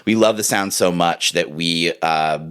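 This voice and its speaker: Deep-voiced earnest male horn teacher. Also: a little slow, fairly bright tone, clean tone. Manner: rambling, earnest, heavy use of "like"; openly emotional. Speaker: horn teacher and podcast co-host. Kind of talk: casual podcast chat.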